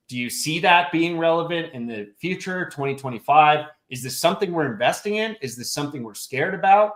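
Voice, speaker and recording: A man hosting a round table discussion on a video call, ranting bluntly and swearing freely. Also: a little high. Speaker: show host and real estate investor.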